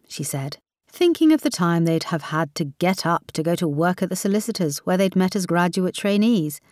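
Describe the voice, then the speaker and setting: A woman reading a novel aloud in a calm storytelling manner. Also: sits low, normal speed, dry recording, studio quality. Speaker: narrator. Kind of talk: audiobook narration.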